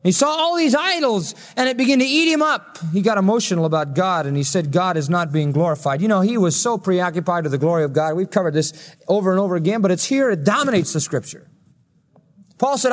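A man's voice: high-pitched, lively intonation, quick pace. A man preaching a sermon as a pastor, with an emphatic delivery that swells and drops. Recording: long reverb of a hall.

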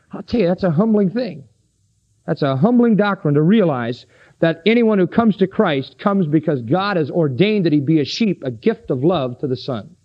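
A man preaching a sermon with emphasis, asking his listeners questions and answering them. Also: on the high side. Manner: emphatic, asks the congregation questions. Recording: dull lo-fi recording.

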